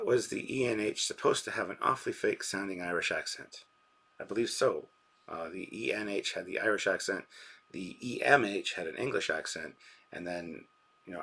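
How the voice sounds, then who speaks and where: A man's voice: low voice, moderate pace, gravelly, bright, forceful tone, breathy edge. A man hosting a live reaction stream, rambling casually and reading out viewers' chat messages and donations.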